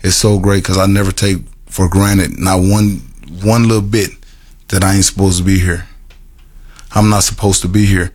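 Deep-voiced man telling his story haltingly. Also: flat delivery, a little mellow, slightly rough. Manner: halting, repetitive storytelling with many restarts and fillers; earnest and emotional, laughs at himself. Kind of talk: personal testimony to a group.

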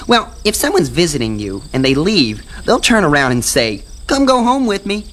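A woman's voice: sits low, sing-song, normal speed, a bit bright. Poetry, a woman playing a chatty know-it-all boy. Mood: explaining. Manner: explaining, storytelling. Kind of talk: radio drama acting.

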